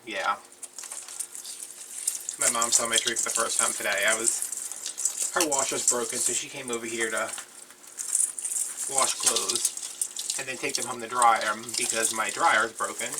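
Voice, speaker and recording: A man chatting casually and rambling while showing a crafts project as a DIY vlogger. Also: mid-range voice. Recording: from a distance, loud background noise.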